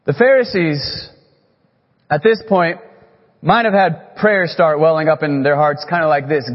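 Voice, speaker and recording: A man preaching a sermon as a pastor, earnest, leaning on key words with slow, emphatic phrasing. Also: a little high. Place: church sanctuary. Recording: echoey hall, muffled sound.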